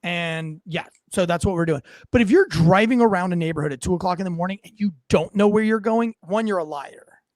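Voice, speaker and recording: A man who was a police officer, giving blunt, profane, animated commentary on footage. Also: high-pitched, a little fast, hardly any pauses, no echo. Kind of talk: casual reaction commentary.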